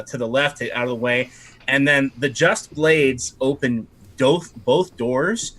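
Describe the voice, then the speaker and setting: A man's voice: medium pitch, fairly bright tone. A man running a tabletop game as game master, narrating casually with lots of fillers and restarts. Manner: casual, rambling, many fillers.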